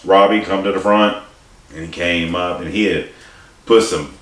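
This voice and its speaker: Man telling a rambling profane story, low voice, echoey room, distant mic, faint hiss. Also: steady tone, normal speed, fairly bright tone. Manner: rambling and profane, with many restarts and asides. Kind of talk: casual storytelling.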